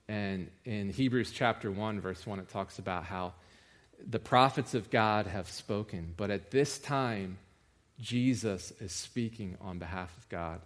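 A man preaching a sermon in a conversational way, rising in pitch and force for emphasis. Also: a little slow.

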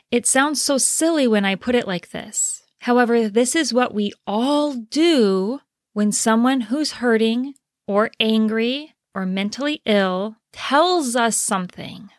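Earnest woman coach, slow emphatic talk. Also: on the high side, no room sound, studio quality. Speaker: confidence coach. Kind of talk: motivational talk to camera.

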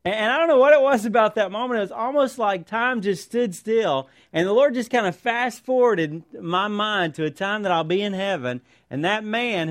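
A man with a notably high voice preaches to his congregation. He tells stories in an earnest way and often stops to ask rhetorical questions. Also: a bit bright. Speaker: pastor. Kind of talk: sermon with personal stories.

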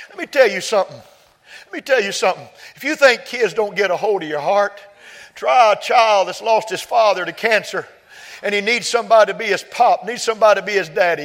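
A pastor preaching a sermon, telling personal stories quietly and then rising to shouted climaxes. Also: male voice, high voice, brisk. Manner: swings from soft storytelling to loud shouted peaks.

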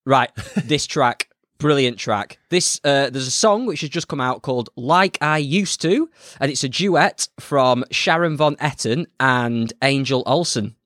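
A man's voice: mid-range voice, lively intonation, measured pace, hardly any pauses, fairly bright tone, dry recording, studio quality. A man co-hosting a music podcast in casual chat, telling stories in a playful, chatty way. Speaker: podcast co-host.

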